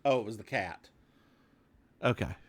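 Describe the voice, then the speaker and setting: A man's voice: lowish voice, lively intonation, unhurried, slightly rough. A man co-hosting a podcast, chatting casually and laughing often while recapping a TV episode. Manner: chatty, laughs often, playful put-on voices. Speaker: podcast co-host.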